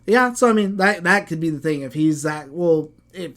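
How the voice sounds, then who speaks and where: A man's voice: a little high, expressive, normal speed, a bit bright. A man co-hosting a casual gaming podcast, hedging his points and trailing off. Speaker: podcast co-host.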